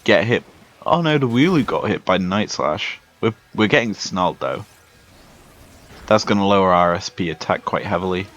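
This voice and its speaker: A young British man giving relaxed, chatty commentary while playing a video game. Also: fairly low pitch. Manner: slow, laid-back, chatty. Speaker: Let's Play host. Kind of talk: casual gameplay commentary. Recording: dull lo-fi sound with faint music.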